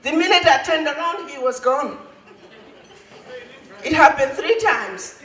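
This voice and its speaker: A woman ambassador giving an impassioned public speech at an event, rhetorical and rising to shouts. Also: high-pitched, lively intonation, a little slow. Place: large event hall. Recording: echoey hall, voice from far off.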